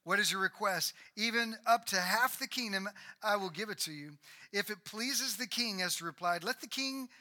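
A man preaching a sermon, retelling a Bible story with lively acted-out dialogue. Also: high voice, moderate pace. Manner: animated storytelling, acting out biblical characters.

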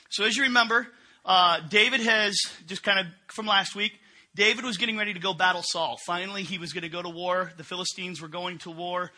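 A man's voice: high voice, steady tone, brisk, sharp tone. A middle-aged man preaching a sermon in a conversational way, often asking the congregation questions. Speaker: pastor.

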